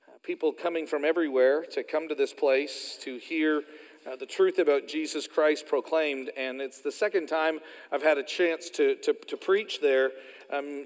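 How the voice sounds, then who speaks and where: A man's voice: fairly high pitch, big-room sound. A man from Oklahoma with an Oklahoma accent, preaching a sermon as a pastor and telling stories in a folksy, self-deprecating way.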